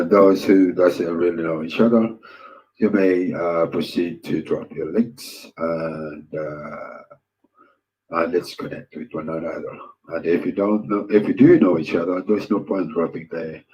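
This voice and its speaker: A man hosting a casual livestream, greeting viewers in loud, upbeat bursts and rambling hesitantly with lots of filler words. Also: sits low, highs cut off, a little hiss or hum.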